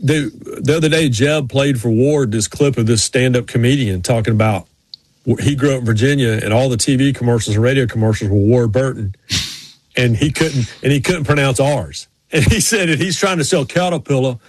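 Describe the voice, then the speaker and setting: A man's voice: medium pitch, fairly quick, husky, dry recording. A middle-aged man, co-hosting a podcast, who tells rambling stories full of restarts. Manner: rambling storyteller with many restarts. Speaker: podcast co-host. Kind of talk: casual chat.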